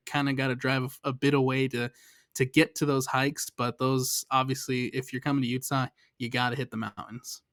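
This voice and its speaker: A man joining a casual soccer podcast as a guest, relaxed and hesitant, with lots of fillers as he gives tips. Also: mid-range voice, no room sound, clean studio sound. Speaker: guest from a fan show.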